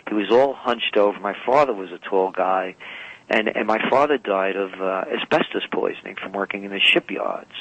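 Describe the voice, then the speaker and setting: A man's voice: lowish voice, normal speed, vocal fry, fairly bright tone, no room sound, lo-fi sound. A man as a radio guest, telling long rambling anecdotes and often correcting himself. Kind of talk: storytelling interview talk. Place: radio call-in or studio.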